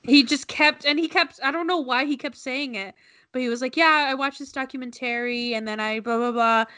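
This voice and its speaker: A woman's voice: sits high, brisk, sharp tone. A young woman co-hosting a podcast in casual chat, rambling with restarts and laughing often. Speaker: podcast co-host.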